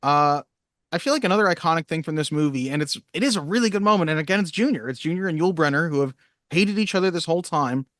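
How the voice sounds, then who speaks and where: A man's voice: on the high side, lively intonation, quick pace, fairly bright tone, no echo, studio quality. A man co-hosting a podcast, chatting casually about a movie, rambling through asides and laughing easily. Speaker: podcast co-host.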